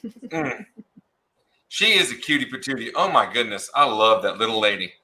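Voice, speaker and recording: A man's voice: medium pitch, sing-song, moderate pace, pushed and bright. A man co-hosting a live talk show, making playful, joking asides. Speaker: co-host. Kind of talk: casual chat on a live show.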